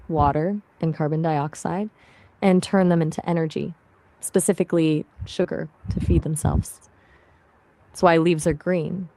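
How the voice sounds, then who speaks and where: A woman's voice: sits low, dark tone. A woman's voice as an AI voice assistant, chatting casually and friendly, answering questions and asking questions back.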